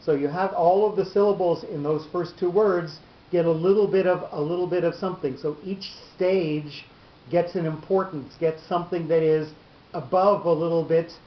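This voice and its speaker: A man teaching a class on Torah cantillation, explaining patiently step by step and restarting his sentences often. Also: fairly high pitch. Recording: echoey lo-fi room recording.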